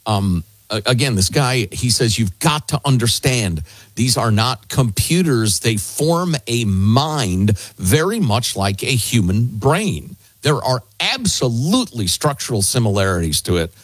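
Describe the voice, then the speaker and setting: A man from the Chicago area hosting a talk radio show, delivering commentary and ad reads in a forceful, conversational way. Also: medium pitch, big pitch swings, measured pace, husky, dry recording. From Chicago area, United States.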